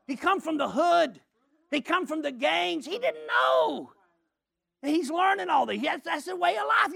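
Gravelly high-voiced preacher. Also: male voice. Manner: animated, often shouting and laughing while telling a story. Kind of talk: storytelling sermon.

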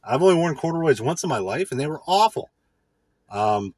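A man's voice: fairly high pitch, very animated, fast talker, a little mellow, husky, dry recording. A man in a casual monologue as a podcast host, ranting with heavy profanity and mocking impressions.

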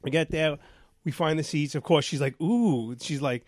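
A man's voice: fairly high pitch, fairly quick, no echo, studio quality. A man telling a rambling story in a casual talk show chat, full of restarts and quoted dialogue. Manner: rambling, animated, many restarts. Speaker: radio show host.

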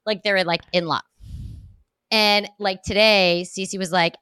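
A woman co-hosting a casual podcast with a bright, forceful voice. She tells stories animatedly, swearing freely and laughing often. The sound is dry and close. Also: medium pitch, moderate pace, pauses often, clean tone, dry recording. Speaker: podcast co-host; mother of a young daughter. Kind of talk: casual chat.

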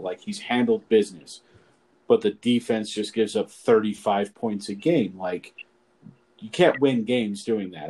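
A man with a fairly low voice talks sports on a podcast over a remote call. He speaks casually and animatedly, and "like" turns up in nearly every sentence. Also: poor audio. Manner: animated, says "like" often. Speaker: podcast co-host.

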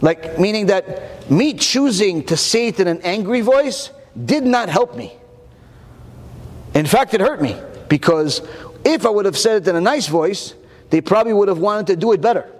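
Speaking in a large hall at a moderate pace, this man teaches Torah to a crowd, his voice sitting high. He's lively, fires off rhetorical questions, and tends to repeat words while he hunts for what comes next.

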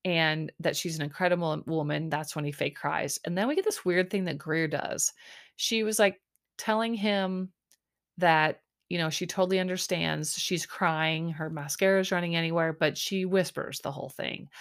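Woman host, slightly low pitch, casual sarcastic recap monologue. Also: expressive, moderate pace. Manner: chatty, sarcastic, lots of fillers.

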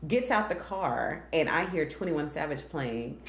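Animated woman co-hosting a podcast chat. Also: sits low, a little slow, creaky. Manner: animated storytelling, swears freely, acts out quotes. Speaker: podcast co-host. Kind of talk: casual chat. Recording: echoey room with faint ambient noise.

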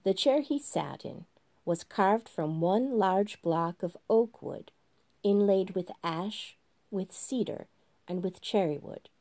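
Slow, mellow woman narrating a story. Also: on the low side, dry recording. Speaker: podcast host reading a story.

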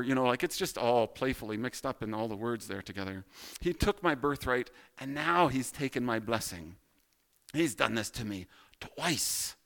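A man's voice: medium pitch, a bit bright. A man teaching a Bible study in a casual, self-deprecating way, asking rhetorical questions.

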